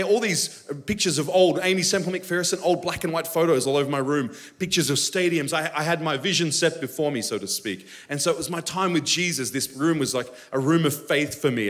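A man preaching a sermon at a live church service, telling stories with humor and acting out voices. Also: a little high. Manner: animated, humorous storytelling with impressions. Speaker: pastor.

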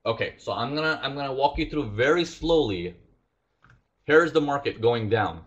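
A man's voice: mid-range voice, expressive, a little fast, lo-fi sound. A man teaching a live trading lesson, asking his audience questions and acting out traders' inner thoughts. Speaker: trading instructor.

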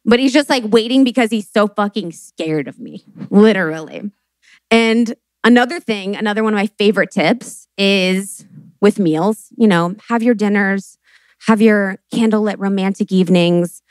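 A chatty woman in her late twenties hosts a live podcast, spilling stories in a lively rush. Her voice sits in a middle pitch and sounds dry and close, with no room echo. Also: moderate pace. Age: late 20s. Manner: animated and chatty, full of fillers and swearing. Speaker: podcast host.

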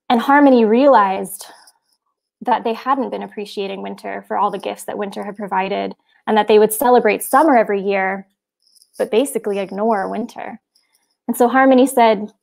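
A woman telling a children's nature story on a livestream, gentle and unhurried. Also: a little high, steady tone, creaky.

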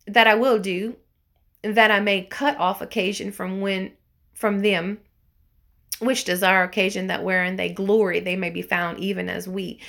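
Gravelly-voiced woman teaching scripture. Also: mid-range voice, pushed and bright. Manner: reads scripture aloud, then explains in casual asides; emphatic, earnest preaching tone. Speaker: Bible teacher. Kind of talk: informal Bible study teaching.

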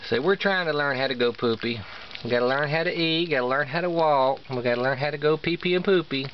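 A man's voice: fairly high pitch, fast talker. A man with an East Tennessee Southern accent, a dog breeder filming and talking to puppies in coaxing, sing-song baby talk, repeating himself. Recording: dull lo-fi home video with clear background noise.

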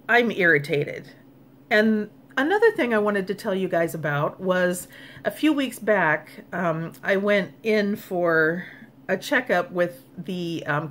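A woman's voice: fairly low pitch, lively intonation, a little slow, fairly bright tone, a little hiss or hum. A middle-aged woman talking casually to her viewers in a personal vlog, frank and exasperated, speaking straight to the camera audience. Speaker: vlogger.

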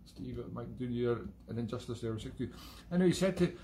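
A man's voice: medium pitch, expressive, fairly quick, dark tone. Scottish man, show host, rambling casual monologue, chatty and self-mocking, faint background hiss. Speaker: host of a live-streamed music show. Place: at home.

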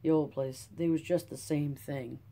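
A reader doing a solemn, soft-spoken former preacher, grave and measured. The tone is dark and mellow, soft rather than loud. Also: mid-range voice, steady tone, lightly acted. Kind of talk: audiobook character reading.

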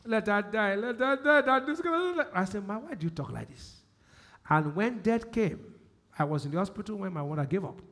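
A male pastor with a Nigerian accent preaching a sermon, asking the congregation questions and repeating key phrases, swinging between loud emphasis and quiet speech. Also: sits high, expressive, moderate pace. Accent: Nigerian English.

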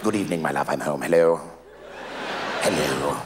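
A man's voice: very deep voice, moderate pace, background noise, pitched below the performer's own voice. A Canadian man putting on a fake English accent to play a pompous drunk trying to sound sober, in a live reverberant club. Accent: put-on English. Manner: pompous and overly formal. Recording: live club recording with long hall reverb.

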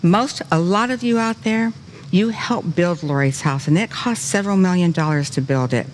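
Animated older woman hosting a faith show. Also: on the low side, moderate pace, slight background noise. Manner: animated, gushing storyteller; earnest preaching cadence. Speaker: talk show host. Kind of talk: faith talk show fundraising appeal.

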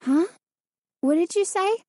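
A woman voicing a frightened, excitable teenage girl who talks in quick startled bursts. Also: very high voice, no room sound, clean studio sound, pitched above the performer's own voice, exaggerated voice.

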